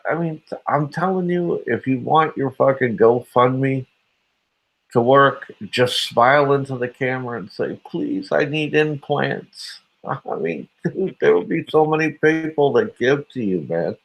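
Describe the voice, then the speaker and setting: A man's voice: mid-range voice, animated, measured pace, poor audio. A man hosting a live stream, crude and profane, mocking people and laughing often. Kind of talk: casual live stream chat.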